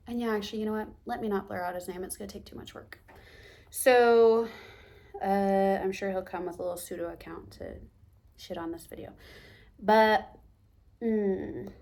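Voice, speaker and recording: Young woman telling a storytime vlog. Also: medium pitch. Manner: animated, quotes people in dialogue, drops to a whisper for asides. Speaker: vlogger.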